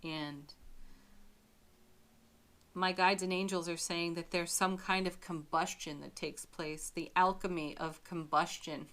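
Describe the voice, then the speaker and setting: A woman giving a spiritual tarot reading to her viewers, speaking gently and often breaking into soft little laughs. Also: fairly low pitch, fairly even intonation, slow, pauses often. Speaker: tarot reader.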